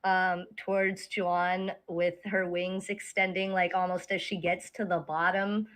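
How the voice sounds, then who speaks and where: A woman's voice: fairly low pitch, level tone, a little slow, fairly bright tone. A woman playing a character in a tabletop game, talking in a casual, playful way. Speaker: player.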